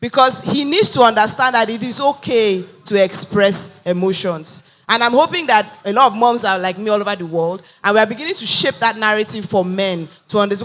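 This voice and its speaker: A woman talks in a bright, crisp tone. She makes her points earnestly and with emphasis, in the back-and-forth of a panel discussion. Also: medium pitch. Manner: earnest, emphatic, acts out quoted voices. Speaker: panel guest.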